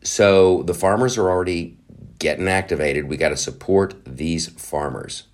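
A man hosting a podcast, ranting in sarcastic, animated commentary with swearing and quick mock voices. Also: deep voice. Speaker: podcast host.

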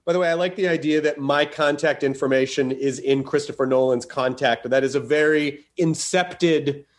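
A man with a slightly higher voice rambles through a comedic podcast chat. He swears freely and breaks into laughs as he riffs. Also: moderate pace. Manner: rambling, profane, laughs often. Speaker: podcast host.

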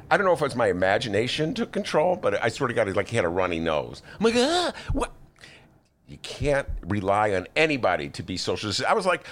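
A man hosting a talk show, telling a comic story with excited, high-pitched asides. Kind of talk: casual comedic monologue.

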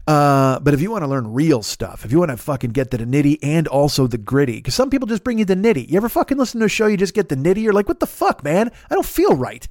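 A man hosting a podcast, doing a comedic ad read in a profane, rambling, animated riffing way. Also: a little high, fast talker, hardly any pauses, no echo, clean studio sound. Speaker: podcast host reading an ad.

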